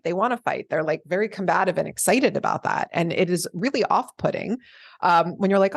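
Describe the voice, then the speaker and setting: A woman in her forties, an attorney being interviewed, speaking calmly and evenly and acting out the lines of people she has dealt with. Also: medium pitch, dry recording, studio quality. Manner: calm, measured, acts out quoted dialogue. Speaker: attorney guest. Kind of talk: conversational interview answers.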